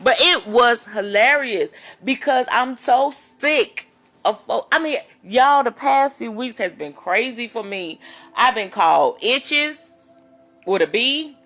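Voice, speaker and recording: A woman minister talking straight to her viewers in a casual, animated, preachy vlog monologue. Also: fairly high pitch.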